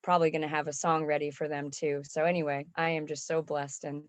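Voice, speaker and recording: Low, flat-voiced woman giving a heartfelt testimony. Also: fairly quick, no echo. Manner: heartfelt, tearful, faith-filled. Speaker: songwriting program member giving a testimonial. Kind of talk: emotional spoken testimonial.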